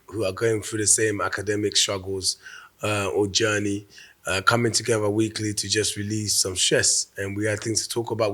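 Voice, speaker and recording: A man, a comedian being interviewed, talking in a relaxed, reflective way and restarting words mid-thought. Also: fairly low pitch. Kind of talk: casual interview.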